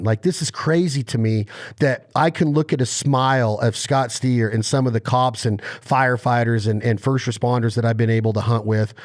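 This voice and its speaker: A man hosting a podcast interview, telling stories in an animated, impassioned way. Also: mid-range voice. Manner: animated storyteller, impassioned and emphatic. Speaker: podcast host.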